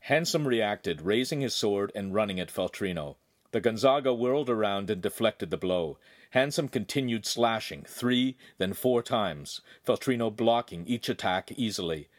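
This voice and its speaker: A man's voice: fairly low pitch, expressive, normal speed, no room sound, clean studio sound. A man reading a young adult novel aloud as the narrator, telling an action scene vividly. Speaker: audiobook narrator. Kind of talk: scripted narration.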